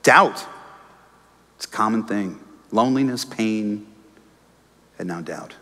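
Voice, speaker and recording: A man's voice: on the low side, slow pace. A man preaching a sermon as pastor, telling stories with humor and acting out the voices of the people he quotes. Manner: animated storytelling, acts out quoted voices, jokes with congregation. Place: church auditorium. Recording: long reverb of a church hall.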